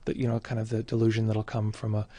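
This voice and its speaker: A man speaking as a meditation teacher in a casual livestream talk, reflective and halting with many fillers and restarts. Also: lowish voice, monotone, warm tone, husky, dry recording.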